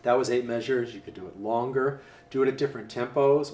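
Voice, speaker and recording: A man teaching jazz piano in a relaxed, casual way, counting beats aloud and scatting rhythms. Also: medium pitch, brisk. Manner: easygoing, counts beats aloud and scat-sings syllables. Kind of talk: casual spoken instruction. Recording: roomy, distant mic, faint hiss.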